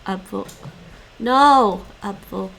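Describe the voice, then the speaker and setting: A woman's voice: medium pitch, drawn-out words, gravelly, fairly bright tone, a little hiss or hum, rough recording. A woman streaming her language study, thinking aloud, correcting herself and explaining grammar as she goes.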